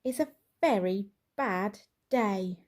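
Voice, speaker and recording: A woman voicing a fussy, frantic grown businessman in a children's storybook, calling out high and loud. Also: animated, slow. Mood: glum. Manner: high, loud, urgent cries.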